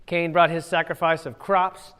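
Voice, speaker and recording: A man teaching a children's church class, quizzing the kids with quick questions as he retells a Bible story. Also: fairly high pitch, little pitch movement, fairly bright tone, smooth. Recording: long hall reverb.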